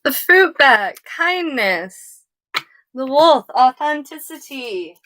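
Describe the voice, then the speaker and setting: A woman with a slightly high voice talks through a tarot reading in a loose, chatty vlog style. She wanders off on tangents, swears casually and pokes fun at herself. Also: sing-song, slow pace, sharp tone, a little hiss or hum. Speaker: tarot card reader.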